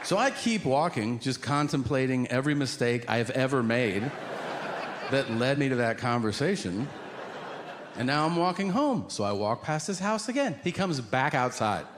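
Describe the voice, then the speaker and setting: A man doing stand-up storytelling on a live stage, profane and incredulous, with deadpan punchlines. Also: mid-range voice, moderate pace. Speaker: stand-up comedian. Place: live comedy stage before an audience. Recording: noisy live stage recording.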